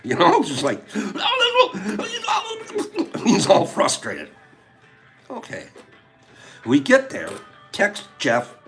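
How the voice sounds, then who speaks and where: Animated older man telling a story. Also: mid-range voice, slow, pauses often, over music. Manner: animated, chuckling, acts out friends' lines. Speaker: host. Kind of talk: casual storytelling.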